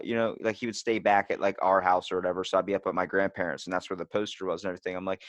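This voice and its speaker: A man in casual chat, telling stories and acting out the lines of others with sudden loud jumps. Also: low voice, very fast, few pauses, no room sound, muffled recording. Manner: animated storyteller, acts out quotes loudly.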